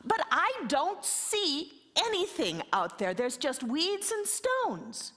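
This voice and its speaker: A woman's voice: high-pitched, huge pitch swings, takes it slowly, a bit bright, pitched above the performer's own voice, exaggerated voice. A woman voicing a puzzled old man who questions and defends himself in a sermon story. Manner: bewildered, questioning. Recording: reverberant hall.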